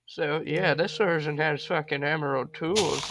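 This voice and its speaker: A young man giving casual, profane commentary while playing a video game, with loud outbursts. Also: on the high side, steady tone, unhurried. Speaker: gamer. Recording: loud game music behind.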